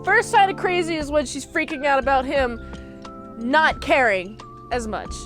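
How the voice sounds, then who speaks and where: A high-pitched woman rambles through a movie recap, joking and tossing in slang like "frickin'". She talks in loose, informal runs with lots of asides. Music plays clearly underneath her voice. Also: expressive, normal speed. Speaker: movie reviewer.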